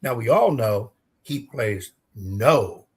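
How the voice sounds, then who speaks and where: Husky-voiced man calmly weighing in. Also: medium pitch. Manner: measured, reflective, laughs easily. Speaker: co-host, coach. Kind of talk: casual sports talk.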